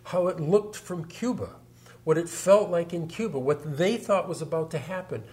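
A man's voice: on the high side, moderate pace, darkish tone. A man talking through history in an emphatic, storytelling way. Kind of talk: explanatory discussion.

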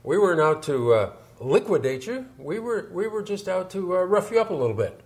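A smooth Boston-accented statesman , put on by a man mid-talk, shrugging off a threat as just roughing someone up. He sounds easygoing and dismissive. His pitch jumps high at the start. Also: very animated, fairly quick. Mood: reassuring. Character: impression of a former president, man, Boston accent.

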